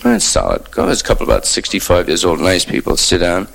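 A man's voice: low-pitched, steady tone, quick pace, gravelly, a bit bright. A man from New York doing a rambling stand-up monologue full of hip slang, wry and offhand, in a noisy old live recording. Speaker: stand-up comedian.

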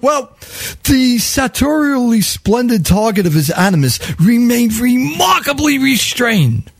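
Wry high-voiced New storyteller. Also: male voice, sing-song, a little slow, a little hiss or hum. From New York. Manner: wry, sardonic, chuckling, wordy. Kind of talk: comic storytelling monologue.

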